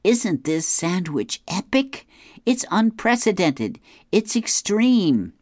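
A woman voicing an excitable, sandwich-loving husband from a comic strip, gushing with enthusiasm. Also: lowish voice, drawn-out words, clear, resonant tone, no echo, clean studio sound, voice pushed up, full character voice. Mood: excited. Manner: gushing, overexcited.

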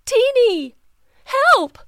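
Woman voicing a tiny frantic toad girl for a storybook, very high and squeaky, breathless. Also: very animated, measured pace, dry recording, full character voice. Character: tiny brave young female toad, frantic.

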